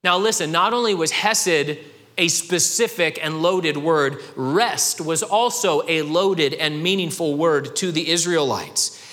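A man preaching a sermon with animated delivery, acting out the voices of people in the scripture he quotes. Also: on the high side, a little slow, big-room sound. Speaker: pastor.

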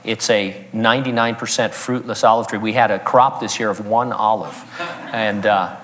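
A man's voice: on the low side, fairly even intonation, moderate pace, a bit bright, long reverb tail, a little hiss or hum. A man preaching a sermon as pastor, breaking in with joking asides and chuckling at his own jokes. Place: church sanctuary.

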